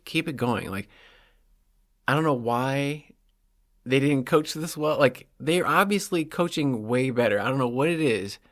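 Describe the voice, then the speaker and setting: A man's voice: fairly high pitch, no room sound, clean studio sound. A man hosting a solo sports podcast, talking in an opinionated, heated and sarcastic way with lots of "like" fillers. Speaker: podcast host.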